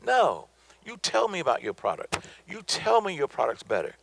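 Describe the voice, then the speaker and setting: A man's voice: fairly high pitch, wildly swooping pitch, moderate pace, vocal fry, noisy background. A middle-aged man from the American South giving a motivational business talk, emphatic and preacherly, repeating his points for effect. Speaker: business speaker.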